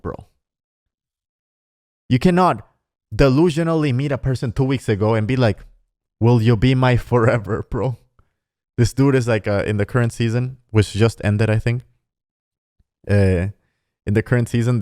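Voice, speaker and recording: A man hosting a casual podcast rant, his voice sitting at an ordinary middle pitch. He is sarcastic and profane, peppering everything with bro. He often slips into exaggerated mocking voices. The sound is close and dry, with no room around it. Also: darkish tone, no echo. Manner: mocks others in exaggerated put-on voices. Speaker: podcast host.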